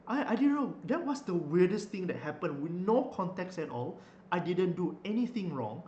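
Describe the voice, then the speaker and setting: A man's voice: sits high, very animated, moderate pace, mellow, dull audio. Rambling man in an echoey room. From Malaysia. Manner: rambling, with many fillers and restarts. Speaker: vlogger. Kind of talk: casual storytelling. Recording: echoey room, faint noise.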